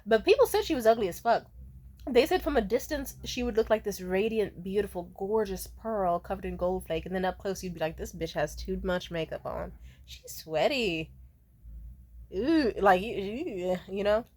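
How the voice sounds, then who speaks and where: A woman telling a casual, profane story as the host, animated and laughing often. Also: mid-range voice, moderate pace.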